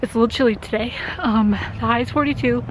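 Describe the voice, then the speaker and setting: A young woman from Colorado talking casually in a vlog. She is chatty, laughs often and drops into hushed asides. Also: fairly high pitch, fast, background noise. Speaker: vlogger. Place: outdoors on a walk, later at a hospital.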